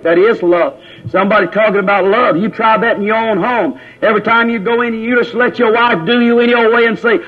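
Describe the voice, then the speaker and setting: A man's voice: high voice, fairly even intonation, brisk, few pauses. A man preaching a fiery Pentecostal sermon in church, scolding and mocking as he goes. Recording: old dull lo-fi sermon tape.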